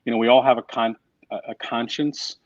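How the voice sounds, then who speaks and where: A man's voice: medium pitch, fairly even intonation, a little fast, no echo. Man telling stories over a dull call line. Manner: storytelling, self-deprecating, restarts often. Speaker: guest author and coach. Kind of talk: casual interview chat.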